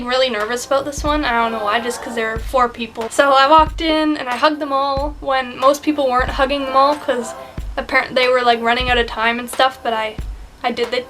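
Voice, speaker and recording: A woman's voice: high voice, pushed and bright. A young woman chatting casually in a vlog, giggling often and acting out what people said. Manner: giggly, chatty, quickly shifting between quoted voices. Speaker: vlogger. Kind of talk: casual chat recounting a fan convention.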